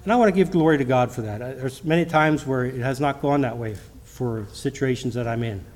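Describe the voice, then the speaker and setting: A middle-aged lay preacher gives a church sermon with personal testimony in a medium-pitched, darkish voice. He speaks haltingly, restarting often, and reads scripture in King James wording.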